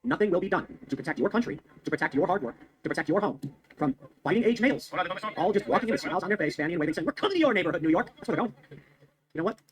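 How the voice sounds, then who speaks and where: Fast-talking, heated man. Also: a little high. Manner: heated, sarcastic, emphatic repetition. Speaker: political commentator. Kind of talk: fast ranting news commentary.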